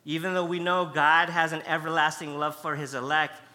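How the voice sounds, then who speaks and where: A man's voice: on the high side, steady tone, moderate pace, bright, forceful tone. A man preaching a sermon, emphatic and conversational, stressing key words by repeating them. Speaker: pastor.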